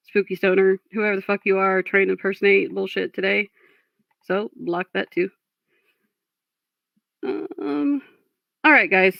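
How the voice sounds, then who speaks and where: Frustrated woman streamer with gravelly voice. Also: mid-range voice, no room sound. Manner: frustrated, blunt, swears at trolls. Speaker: livestream host. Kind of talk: casual livestream talk reading chat. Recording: dull lo-fi stream audio.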